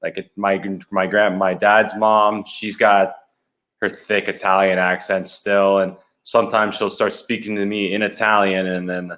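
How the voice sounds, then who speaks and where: A young man from Canada chats as a podcast guest, his voice sitting fairly low. He tells stories loosely and often breaks into laughter along the way. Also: little pitch movement, measured pace, a bit bright. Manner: chatty storyteller, laughs often. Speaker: guest, hockey goalie. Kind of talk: casual podcast chat.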